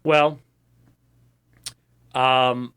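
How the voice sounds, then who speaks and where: Very slow and clean in tone, this American man's medium-pitched, fairly bright voice shows little pitch movement. As host of a ministry show, he rambles casually to his audience, frequently using fillers and starting over.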